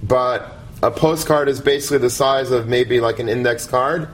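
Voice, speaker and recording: A man giving a sermon, conversational and animated, often asking the audience to imagine. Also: medium pitch, normal speed. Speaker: rabbi giving a talk.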